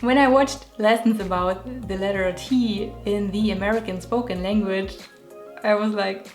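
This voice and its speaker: A woman's voice: mid-range voice, fairly even intonation, moderate pace, darkish tone. Young german lady w/ german accent, chatty and joking at herself, bit of music in the back. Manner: playful, self-mocking, laughs often. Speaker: illustrator and vlogger. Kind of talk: talking over a speed painting video.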